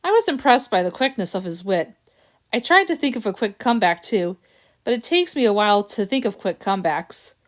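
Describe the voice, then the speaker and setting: A woman's voice: mid-range voice, animated, fairly quick. A woman reading a children's storybook aloud, narrating expressively and doing the characters' voices. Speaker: audiobook reader.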